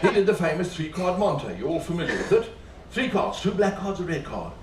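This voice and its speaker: Joking stage magician in a roomy hall. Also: male voice, high voice, big pitch swings, a little fast, background noise. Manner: joking, chatty, teasing the audience. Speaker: comedy magician. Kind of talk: live stage comedy magic show. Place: cruise ship show lounge. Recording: roomy, distant live stage recording with faint audience ambience.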